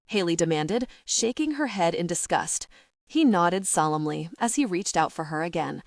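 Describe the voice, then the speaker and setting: Expressive woman reading an audiobook. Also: lowish voice, moderate pace, no room sound, clean studio sound. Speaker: audiobook narrator. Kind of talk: scripted romance narration.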